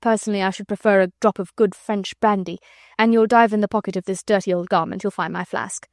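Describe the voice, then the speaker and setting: A woman reads a lazy, affected gentleman from a storybook, drawling every word in a sleepy, good-humoured way. He sounds weak and worn out, yet amused. The recording is dry and close. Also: mid-range voice, fairly even intonation, fast talker, no echo, close to an everyday voice. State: weak and exhausted. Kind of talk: audiobook character reading.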